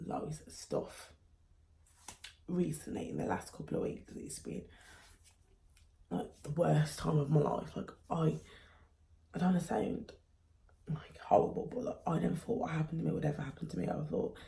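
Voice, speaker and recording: A young woman from England talks casually and earnestly to camera, with plenty of "like" and "um" between thoughts. Her voice is dark and mellow, with a gravelly fry underneath. The room around her rings with echo. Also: deep voice, big pitch swings, moderate pace, pauses often, a little hiss or hum. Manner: chatty, earnest, frequent fillers. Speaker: vlogger and mum. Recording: echoey room.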